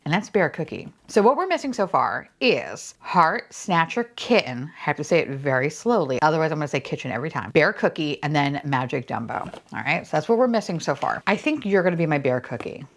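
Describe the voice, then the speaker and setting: Gushing young woman with a lively pitch. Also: fast, gravelly, hardly any pauses. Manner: gushing, swears playfully, coos at toys; swings between high squeals and low asides. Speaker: unboxing vlogger. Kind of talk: casual unboxing chat.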